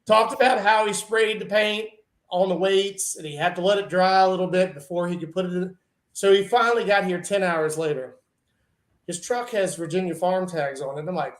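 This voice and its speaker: A man with a fairly high voice tells a rambling story in casual chat, laughing often and putting on voices for the people in it. His voice bounces around a roomy space that has a noticeable echo. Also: normal speed. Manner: animated, laughs often, acts out quoted friends. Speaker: truck and tractor pulling guest. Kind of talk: casual storytelling on a live show.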